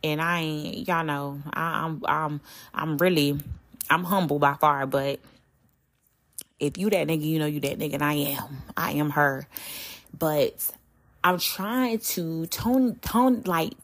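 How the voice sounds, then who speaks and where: Candid young woman podcaster, slangy and lower-pitched. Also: slow. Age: young adult. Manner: candid, slangy and animated, with frequent cursing; talks straight to listeners, often asking "you hear me?". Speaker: podcast host. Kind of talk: casual solo podcast talk.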